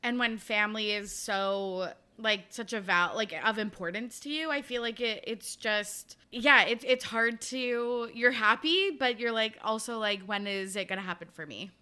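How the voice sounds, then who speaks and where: A woman's voice: fairly high pitch, a little slow, hardly any pauses, bright, forceful tone, smooth. A woman hosting a book podcast, chatty and casual, recapping a novel with a laugh and the odd swear. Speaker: podcast host.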